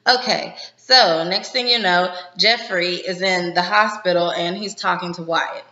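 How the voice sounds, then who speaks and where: A woman's voice: on the low side, measured pace, bright, forceful tone. Chatty woman recapping a show. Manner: chatty, opinionated. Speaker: TV episode reviewer. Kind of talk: casual recap chat. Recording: roomy, slightly dull sound.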